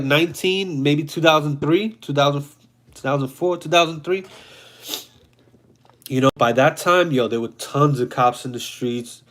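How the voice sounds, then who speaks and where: Blunt New guy in his thirties, swears freely, casual storytelling monologue, mid-range voice. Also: medium pitch. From New York City. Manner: blunt, profane, animated storytelling. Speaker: host.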